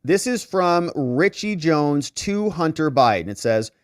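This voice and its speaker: Male legal commentary host, casual, thinking-aloud delivery, animated pitch, dry close sound. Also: unhurried, dry recording. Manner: thinking aloud, conversational, with fillers. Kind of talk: casual commentary reading out text messages.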